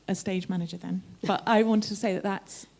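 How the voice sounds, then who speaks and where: A woman in the audience at a book festival, a novelist, speaking in an emotional, halting, gushing way. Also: mid-range voice, steady tone, gravelly, darkish tone. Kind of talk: audience comment at a live talk.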